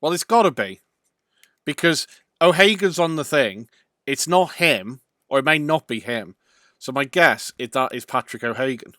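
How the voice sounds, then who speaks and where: Bright-voiced man reasoning aloud. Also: medium pitch, animated, normal speed, no room sound, studio quality. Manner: thinking aloud, reasoning step by step. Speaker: let's play host. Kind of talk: gameplay commentary.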